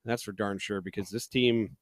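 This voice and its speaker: A man's voice: fairly low pitch, steady tone, fairly quick, no room sound. A man co-hosting a sports podcast, chatting casually and rambling, with jokey asides. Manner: rambling, jokey, drops into silly voices. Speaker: podcast co-host.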